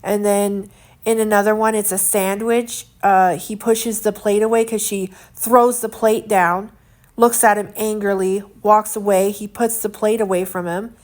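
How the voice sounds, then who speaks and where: A woman's voice: medium pitch, level tone, a little slow, darkish tone. A young woman vlogging at home in casual chat, earnest and indignant, rambling with lots of fillers as she talks.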